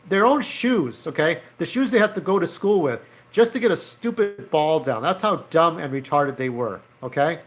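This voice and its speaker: A man casually narrating his own comic strip, rambling and profane, with lots of fillers. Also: a little high. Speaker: comic creator. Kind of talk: casual storytelling over his drawings.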